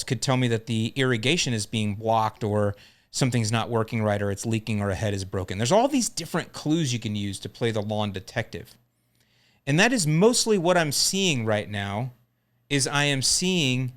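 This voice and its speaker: A man's voice: medium pitch, lively intonation, moderate pace, fairly bright tone. A middle-aged man hosting a lawn care podcast, telling a story in a casual, joking way.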